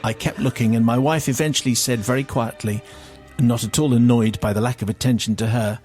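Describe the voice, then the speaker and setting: A man's voice: medium pitch, steady tone, a little fast, hardly any pauses, a little mellow, soft background music. A male radio host reading out a listener's confession in a dry, theatrical storytelling manner.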